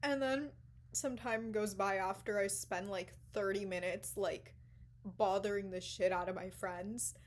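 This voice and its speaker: A young woman chatting straight to her viewers in a loose storytime vlog. She tells it dramatically, with bursts of swearing and sudden hushed whispers. Her voice sits at an ordinary middle pitch for a woman. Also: level tone, a little slow. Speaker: vlogger.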